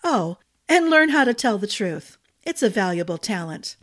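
A woman reading the lines of an older male lord who gives advice in a quiet, pleasant voice. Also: medium pitch, sing-song, moderate pace. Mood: advising. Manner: quiet, pleasant, gently warning.

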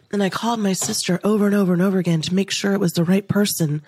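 A woman podcast host telling an emotional personal story in an earnest, intimate way, dropping into soft whispers now and then. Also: medium pitch, fast, few pauses, slightly rough. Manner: earnest, intimate, slips into soft whispers when quoting herself. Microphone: podcast microphone.

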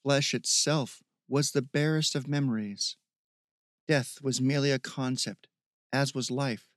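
A man narrating a fantasy audiobook, reading in a measured, evocative way. His voice sits in an ordinary mid pitch, and the recording is close and completely dry. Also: fairly even intonation, no room sound. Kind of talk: scripted narration.

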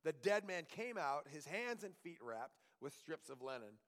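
A male pastor preaching a sermon earnestly, pressing rhetorical questions and dropping to a hushed reading voice. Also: a little high, sing-song, unhurried. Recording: long hall reverb.

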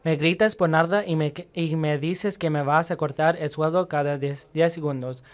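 A man with a Spanish accent playing a hardworking diner cook who speaks in halting English and is short-tempered. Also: fairly high pitch, steady tone, close to an everyday voice. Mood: angry.

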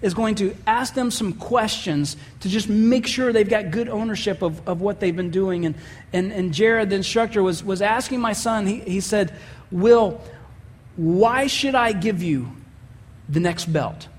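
High-voiced pastor preaching in a hall. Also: male voice, moderate pace. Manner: storytelling, acts out quoted voices. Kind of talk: sermon.

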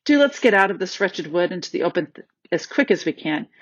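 A woman voicing a tired, gentle older girl who speaks softly and wearily in a storybook reading. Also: fairly low pitch, animated, a little fast, husky, no echo. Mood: weary. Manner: gentle, weary. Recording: dull, slightly lo-fi dry recording.

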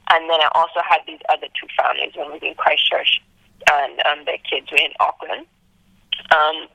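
A young woman tells her story as an interview guest, her voice low and bright with a gravelly edge. She jumps up in pitch whenever she acts out someone's words. The recording is dry and a little muffled. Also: no room sound. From Antigua, Caribbean. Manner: lively, acts out quoted speech with big jumps in pitch. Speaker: guest, travel blogger.

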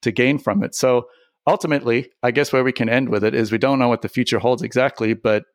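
A man hosting a podcast in relaxed, casual chat, laughing easily and often restarting his sentences. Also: mid-range voice, fast, dry recording, clean studio sound. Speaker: podcast host.

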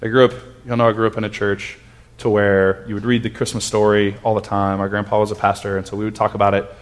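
A man in his thirties preaching a conversational sermon, telling a personal story earnestly with frequent restarts and dropping to a hush at tender moments. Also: fairly low pitch, little pitch movement, fast talker. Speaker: pastor.

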